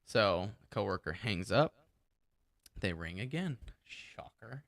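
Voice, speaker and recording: A man's voice: fairly low pitch, slow, creaky, dry recording, studio quality. A young man co-hosting a podcast, telling work stories in casual chat and acting out the quotes with lots of laughter. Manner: animated storyteller acting out quotes, laughing often. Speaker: podcast co-host.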